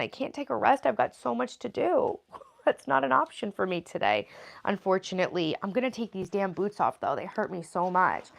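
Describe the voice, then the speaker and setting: A woman's voice: lowish voice, lively intonation, normal speed, gravelly. Chatty woman reading on a livestream. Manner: chatty, rambling asides with fillers. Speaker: livestream host.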